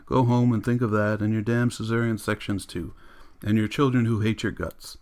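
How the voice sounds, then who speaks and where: A man reading aloud as Montag, a grown male fireman pushed past his limit. He recites in a measured, solemn way, his voice sitting low in the chest, a storybook figure on edge. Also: steady tone, close to an everyday voice. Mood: furious. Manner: measured poetry recital, then shouted commands. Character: Montag, male fireman, shaken then furious.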